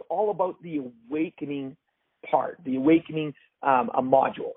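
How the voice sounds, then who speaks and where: A man's voice: on the high side, moderate pace, slightly rough, no room sound. A man hosting an interview, enthusiastically summing up points and asking questions. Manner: enthusiastic, sums up and poses questions. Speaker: host. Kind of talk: casual interview talk. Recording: tinny phone-line sound.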